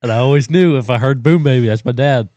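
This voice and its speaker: A man's voice: medium pitch, quick pace, warm tone, no room sound, dull audio. A young man on a podcast who tells stories animatedly, acting out quotes and repeating himself. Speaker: podcast guest. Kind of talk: casual storytelling chat.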